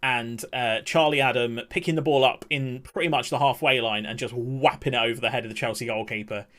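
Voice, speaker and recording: A young man talks through a live game stream in a loose, chatty way. He laughs a lot and slips into mock-outraged rants. His voice sits at a middle pitch for a man. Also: steady tone, fairly quick, fairly bright tone. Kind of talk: casual live-stream commentary.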